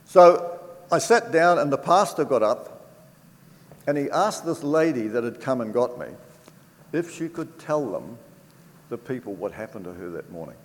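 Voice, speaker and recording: A man's voice: medium pitch, very animated. Older man telling a heartfelt testimony in a reverberant hall. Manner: earnest, heartfelt storytelling with pauses and restarts. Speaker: speaker giving testimony. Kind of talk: personal faith testimony to an audience. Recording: reverberant hall with faint background noise.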